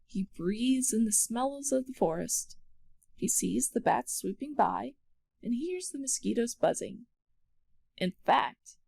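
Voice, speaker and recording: A woman narrating a children's storybook aloud with expressive storytelling. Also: on the high side, gravelly.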